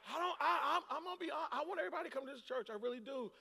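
A man from Boston preaches a sermon with a strikingly high, piercing, bright voice. He moves between hushed storytelling and fired-up shouting. His words ring out with a long reverb tail through a church hall. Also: rapid-fire, a little hiss or hum. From Boston, United States. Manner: preaching, swings from low storytelling to shouted exhortation. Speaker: pastor. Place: church auditorium.

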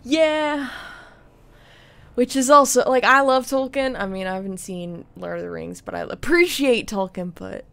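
A woman's voice: mid-range voice, moderate pace, creaky, few pauses, a bit bright. A young woman streaming a video game, chatting in a rambling way and laughing often. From United States. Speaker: gaming streamer. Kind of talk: casual let's play commentary.

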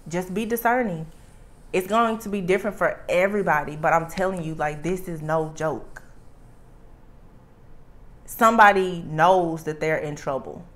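A woman's voice: lowish voice, moderate pace, pauses often. Emphatic Southern woman giving a tarot reading. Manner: emphatic, repeats warnings, drawls "I'm telling you". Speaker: tarot reader. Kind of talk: channelled tarot reading to camera.

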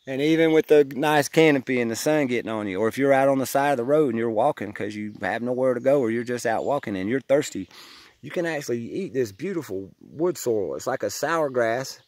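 A man's voice: mid-range voice, fairly quick, darkish tone, no echo. A man chatting casually outdoors on a wooded trail, folksy and enthusiastic as he forages. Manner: folksy, enthusiastic, keeps saying "y'all". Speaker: vlogger foraging on a hiking trail. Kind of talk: casual outdoor vlog chat.

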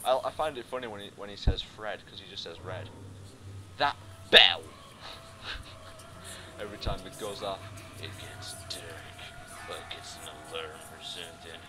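A man casually commenting while playing a game, goofy and excitable, breaking into silly voices. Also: low-pitched, measured pace, pauses often, soft background music. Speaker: let's play commentator. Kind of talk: casual gameplay chat.

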